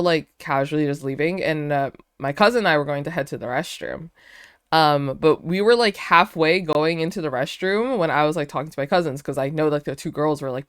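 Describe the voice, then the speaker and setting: A woman's voice: sits low, clear, resonant tone, no room sound, clean studio sound. A young woman streamer telling a casual story to her chat, chatty, with lots of fillers. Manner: chatty, many fillers, bursts of laughter.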